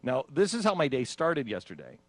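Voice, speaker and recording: A man's voice: mid-range voice, huge pitch swings, brisk, no echo. A man hosting a radio talk show, casually telling of his own ordeal and acting out his own panicked reactions with laughs. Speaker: radio host.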